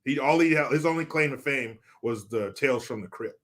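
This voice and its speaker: A man's voice: mid-range voice, fairly quick, fairly bright tone. A man reading viewer comments on a live stream, joking, swearing and mock-outraged.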